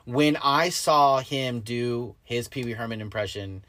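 A woman co-hosting a podcast in casual chat, animated and incredulous, laughing often. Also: extremely low pitch, measured pace, no echo. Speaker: podcast co-host.

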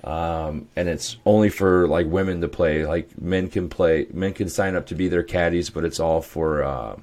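A man's voice: deep voice, fairly even intonation, moderate pace, a little mellow. A young adult man co-hosting a podcast, telling loose stories with laughs and swearing. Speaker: podcast co-host. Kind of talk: casual chat.

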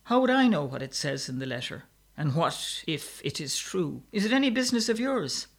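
A man's voice: fairly high pitch, very animated, moderate pace, creaky, a bit bright, slightly rough, exaggerated voice. A man voicing a sullen, defiant young countrywoman who snarls her answers.

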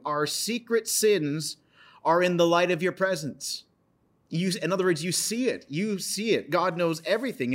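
A man preaching an earnest sermon, retelling a scripture story and reading verses aloud with dramatic pauses. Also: mid-range voice. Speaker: pastor.

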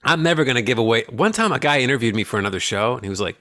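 A man's voice: medium pitch, animated, racing, hardly any pauses, sharp tone. A man hosting a podcast, chatting casually and playfully, often laughing. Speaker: podcast host. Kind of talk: casual chat.

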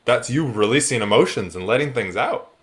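A man hosting a casual podcast conversation, speaking with animated enthusiasm and acting out the dialogue he quotes. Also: mid-range voice, a little fast. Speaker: podcast host.

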